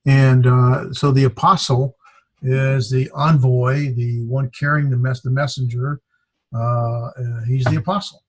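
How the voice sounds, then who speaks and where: A man teaching a classroom lesson, speaking haltingly and sounding words out syllable by syllable. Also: mid-range voice, flat delivery. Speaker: Greek teacher.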